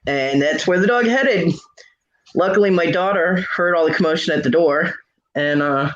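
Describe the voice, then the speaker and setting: A middle-aged woman telling a funny family story in a casual chat, laughing often and acting out the quoted voices. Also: deep voice. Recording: dull lo-fi live stream audio.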